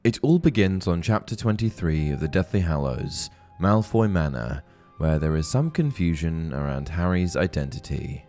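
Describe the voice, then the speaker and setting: A man with a deep, low voice narrates a scripted book-theory video in a measured way. His delivery rises and falls with lively emphasis, over faint background music. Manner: clear, measured storytelling with expressive emphasis. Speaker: host of a book-theory channel.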